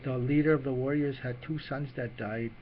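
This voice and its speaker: Give me a man with a mid-range voice, reading a children's storybook aloud in an unhurried way. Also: mid-range voice, steady tone, dull audio, slight background noise. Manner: unhurried reading with small restarts. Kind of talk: storybook narration.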